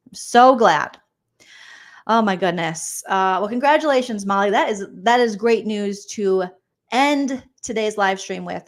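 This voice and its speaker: A woman comedian hosting a casual live stream, chatty and exclamatory as she reads viewer comments aloud. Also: medium pitch. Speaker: pop culture comedian host.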